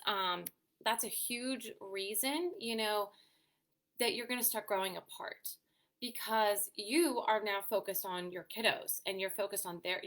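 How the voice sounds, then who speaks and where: On her weekly live stream for mothers, a woman with a mid-range, somewhat bright voice chats informally and replies to viewer comments, filling her speech with "you know" and "um."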